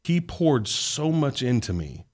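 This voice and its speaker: A man who is a podcast guest and works on college sports staff. He tells earnest, animated stories in a casual interview conversation. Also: medium pitch, takes it slowly.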